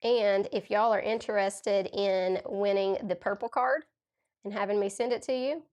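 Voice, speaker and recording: A woman's voice: medium pitch, fairly even intonation, moderate pace, a little mellow. Southern Tennessee woman, forties, with a cold, hosting a crafting livestream, gushy and chatty, reads out comments. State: has a cold. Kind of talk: casual livestream chat while demonstrating card making.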